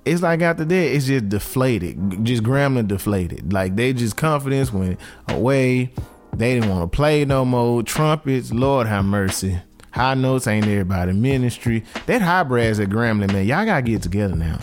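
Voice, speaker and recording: Male reaction host, lively pitch swings, casual slangy delivery, faint music underneath. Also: normal speed. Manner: animated, slangy, talks straight to his audience.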